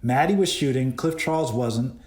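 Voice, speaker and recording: Cinematographer guest, lively storyteller, laughs a lot, voice a bit echoey. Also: male voice, medium pitch, moderate pace. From Boston. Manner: animated, laughing, retells exchanges. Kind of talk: casual storytelling interview. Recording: roomy echo.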